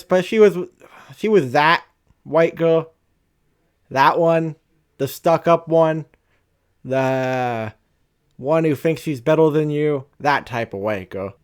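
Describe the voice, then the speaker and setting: Young adult man, animated storytime vlogger, cursing and rambling, slightly high voice. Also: slow, smooth. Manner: profane, animated, rambling with restarts. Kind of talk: storytime rant.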